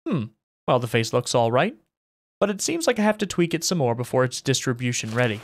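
A man's voice: medium pitch, sing-song, brisk. A man voicing a smug mad scientist villain. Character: sinister adult male mad scientist villain.

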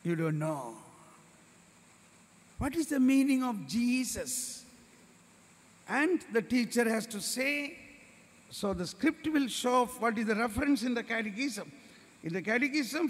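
A man with an Indian English accent gives a slow, deliberate sermon in a high voice. He tells stories and acts out the voices of the people in them, and his words ring out in a big reverberant hall. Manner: storytelling, acts out voices of others. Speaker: priest preaching at a workshop.

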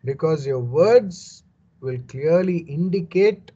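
A man's voice: a little high, lively intonation, takes it slowly, warm tone, slightly rough, dull audio. A man giving a verse-by-verse Bible commentary, reading passages and explaining them earnestly and emphatically, often saying "you know". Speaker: Bible teacher.

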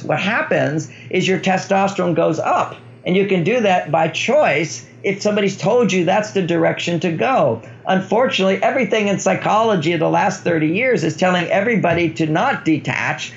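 Gravelly older man explaining relationships. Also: high-pitched, brisk, hardly any pauses. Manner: explanatory, acts out quoted dialogue. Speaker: author and relationship expert. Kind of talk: interview guest explaining ideas. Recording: dull lo-fi sound.

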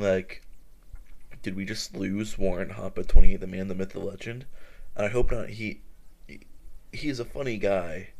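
A man talks to his viewers in a loose, rambling vlog style, tripping over repeated words. His voice sits fairly low. He speaks right up close to his microphone. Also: gravelly, poor audio. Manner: rambling, stammering, filled with "like" and "yada yada". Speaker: gaming vlogger. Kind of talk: casual commentary to viewers. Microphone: close-up desk mic.

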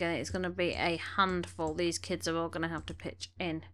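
A woman's voice: on the low side, little pitch movement, a little fast, few pauses, a bit bright, soft background music. A woman giving casual gameplay commentary, chatting along and bossing her game characters around, a little snuffly from allergies. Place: home room.

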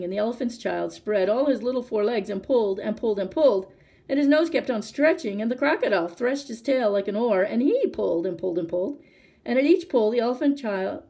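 A woman librarian reading a story aloud for children, expressive and talking straight to her listeners. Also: fairly high pitch, creaky. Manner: expressive, addresses listener directly.

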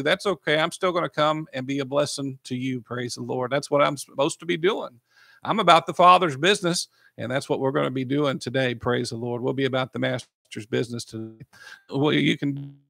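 Gravelly pastor, emotional. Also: male voice, medium pitch, pushed and bright, dry recording, clean studio sound. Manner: emotional, repeats "praise the Lord". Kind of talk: podcast sermon and prayer.

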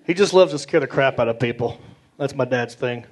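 A middle-aged man with a Southern American accent, telling stand-up stories in a drawling, animated way. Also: medium pitch, brisk, a faint crowd. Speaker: stand-up comedian. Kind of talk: stand-up storytelling. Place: comedy stage before a live audience. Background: audience laughter.

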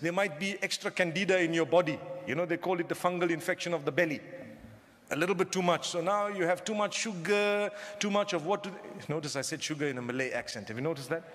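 A man's voice: on the high side, fast, fairly bright tone. A man preaching a humorous sermon to a crowd, often asking them questions. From southern Africa. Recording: long hall reverb.

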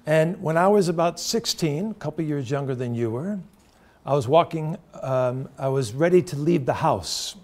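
A man's voice: a little high, animated, moderate pace, a little mellow. Earnest man lecturing students. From United States. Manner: earnest, storytelling, direct questions to the audience. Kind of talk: university talk to students. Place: lecture room.

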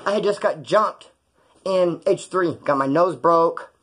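A Californian man with a husky, somewhat high voice spins profane prison stories at a leisurely pace in a small, hot room. He's animated and casual, doing the voices of the people he quotes.

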